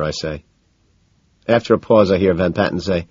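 Husky, low-voiced male audiobook narrator. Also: steady tone, moderate pace, a little mellow, no echo, highs cut off. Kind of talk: first-person audiobook narration.

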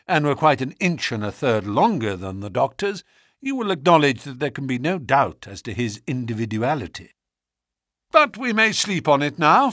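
A man voicing a calm, sharp detective. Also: fairly high pitch, dry recording, studio quality, exaggerated voice. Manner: measured, precise and assured. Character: calm, sharp male detective, confident and wry.

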